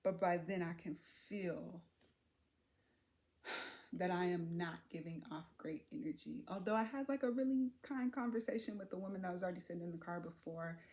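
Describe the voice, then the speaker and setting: A woman's voice: fairly low pitch, moderate pace. Woman musing candidly to camera. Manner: candid, musing, with soft laughs and trailing fillers. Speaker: vlogger. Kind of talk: reflective personal vlog.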